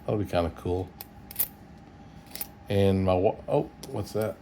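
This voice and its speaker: Slow, mellow-voiced folksy man. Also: deep voice, slight background noise. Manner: chuckling, easygoing, folksy, thinks aloud. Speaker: coin roll hunter. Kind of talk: casual solo video commentary.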